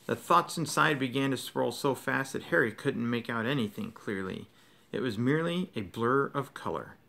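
A man reading a novel aloud to his children in a steady, even narrating voice. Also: mid-range voice, moderate pace, gravelly.

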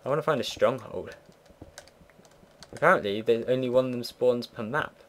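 A man's voice: medium pitch, normal speed. A teenage boy casually commentating his own gameplay, rambling and chatty, swearing offhand, at a home computer. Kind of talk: casual let's play commentary.

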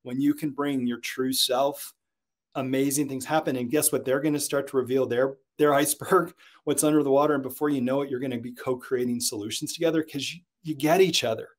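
A man who consults on sales, a guest in an interview, telling stories with lots of energy and getting louder and higher when excited. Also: a little fast. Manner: energetic storyteller, gets loud and high when excited. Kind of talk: podcast interview, storytelling.

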